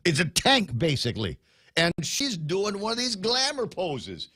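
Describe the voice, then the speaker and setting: A male morning-show host, rambling and joking his way through the news, full of fillers and false starts. His voice sits a little high, and it sounds close and dry with no room at all. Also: wildly swooping pitch, a little slow, bright, forceful tone, husky, dry recording. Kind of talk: casual radio-show chat.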